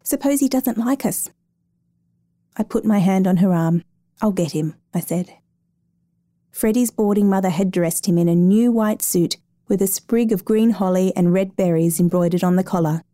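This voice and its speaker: A woman reading a story aloud, narrating as an adoption caseworker, in a calm, measured way. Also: fairly low pitch, dry recording.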